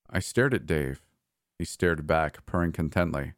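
A man narrating a first-person horror story in a measured storytelling way. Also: very deep voice, no echo, studio quality.

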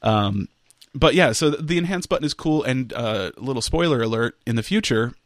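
A man's voice: mid-range voice, animated, normal speed, no echo, studio quality. A man casually explaining audio equipment step by step in an online interview, with frequent fillers and restarts. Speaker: audio product specialist guest. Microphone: headphones and studio microphone over an online call.

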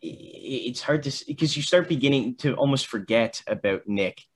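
A man's voice: medium pitch, expressive. Young guy chatting about a movie, lots of false starts and ums, plain mid voice. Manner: halting, many restarts and fillers. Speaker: film discussion co-host. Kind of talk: casual chat.

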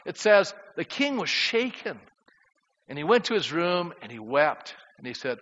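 A male pastor delivering a sermon with impassioned preaching, swinging from soft, quiet passages to loud, rising ones. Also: fairly high pitch, big pitch swings, unhurried, lo-fi sound.

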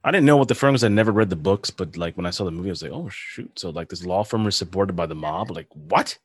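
Low-voiced guy hosting a podcast, laughs a lot, swears, dry sound. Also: rapid-fire, no echo. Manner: animated storyteller, laughs often, swears. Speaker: podcast host. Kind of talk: casual chat.

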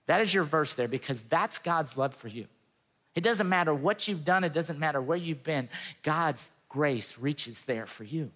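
A man's voice: on the high side, animated, moderate pace, a bit bright. A pastor giving a sermon in an earnest, conversational way, acting out the quotes he tells. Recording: long reverb of a hall.

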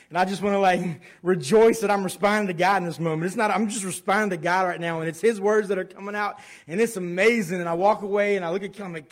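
A man in his thirties preaching a sermon in a conversational, animated way, telling stories from home. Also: sits high, fast talker. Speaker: pastor.

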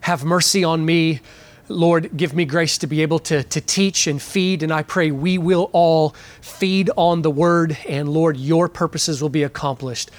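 A man preaching a live sermon, moving from a hushed opening prayer into lively storytelling and emphatic questions. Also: fairly high pitch, unhurried. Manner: prayerful then animated storytelling, rising to emphatic shouts. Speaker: pastor. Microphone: live church microphone.

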